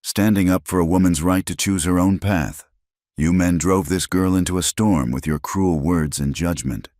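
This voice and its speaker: A man voicing a calm, sharp-tongued frontier woman who asks pointed questions. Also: low voice, normal speed, no room sound, clean studio sound, natural voice.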